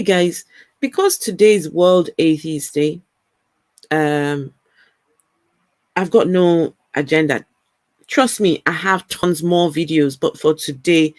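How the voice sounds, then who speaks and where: A woman's voice: deep voice, darkish tone, no echo. A woman from Africa with a mixed African and British accent, hosting a casual livestream and chatting with her viewers. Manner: chatty, repeats words, laughs often. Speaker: livestream host. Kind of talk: casual livestream chat reading comments.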